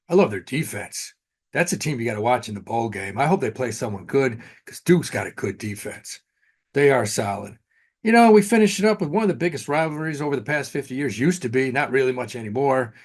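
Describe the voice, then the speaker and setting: A man casually running through betting picks for the weekend games in a blunt, offhand way, with frequent fillers. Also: medium pitch. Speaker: sports betting analyst.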